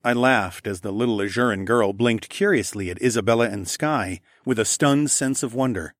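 A man's voice: on the low side, normal speed, no room sound, studio quality. A man narrating a first-person fantasy audiobook in an easy storytelling manner.

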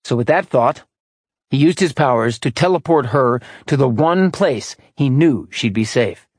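A man narrating an audiobook in a steady, measured reading voice. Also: medium pitch, no room sound, clean studio sound. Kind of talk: scripted narration.

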